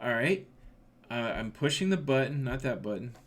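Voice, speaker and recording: A man's voice: medium pitch, lively intonation, normal speed. A man co-hosting a casual live stream, joking with his wife and reading out viewer comments, with a slight chest cough. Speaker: livestream co-host.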